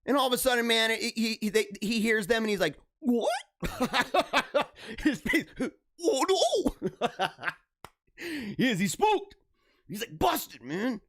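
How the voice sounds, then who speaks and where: Young male host, lively casual reaction commentary; swoops up and down in pitch, laughs a lot, repeats himself. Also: measured pace.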